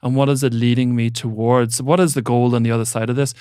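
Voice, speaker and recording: A man's voice: mid-range voice, level tone, fast, a little mellow, clear, resonant tone, no room sound, clean studio sound. A man who works as a mentor and coach, speaking as a podcast guest in a thoughtful, grounded way with casual swearing. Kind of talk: reflective conversational talk.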